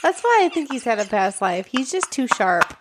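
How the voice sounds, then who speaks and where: A woman's voice: on the high side, very animated, moderate pace, a little hiss or hum. A woman co-hosting a podcast, chiming in with short, amused remarks in casual chat. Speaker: podcast co-host.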